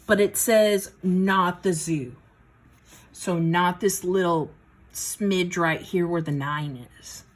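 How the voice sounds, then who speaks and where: This woman speaks slowly in a voice on the low side, teaching math casually and folksily by talking herself through a problem step by step. She's a little out of breath during the worked-problem lesson.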